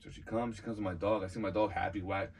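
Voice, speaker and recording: A man telling a story on a podcast in casual chat, animated and profane, acting out the voices of the people in it. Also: on the low side, quick pace, vocal fry, slightly rough, distant mic. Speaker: podcast co-host.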